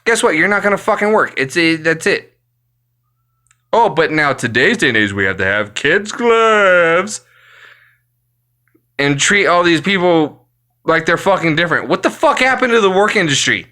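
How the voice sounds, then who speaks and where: A man's voice: fairly high pitch, expressive, unhurried, long pauses, bright, forceful tone. A man ranting angrily to camera, swearing nonstop, exasperated and blunt. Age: adult, works full time. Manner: angry, swearing constantly, exasperated. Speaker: vlogger. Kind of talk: profane ranting monologue.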